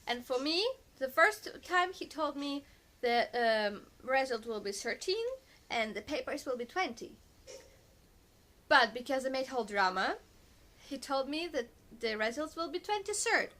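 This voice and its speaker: High bright-voiced woman vlogger, indignant. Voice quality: non-native English, halting restarts. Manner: animated, indignant retelling with repeated emphasis. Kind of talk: casual storytelling to camera.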